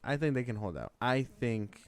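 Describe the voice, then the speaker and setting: A man's voice: mid-range voice, sing-song, moderate pace, clear, resonant tone, no room sound. A man co-hosting a podcast in casual chat, laid-back and slangy, laughing often. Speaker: podcast co-host.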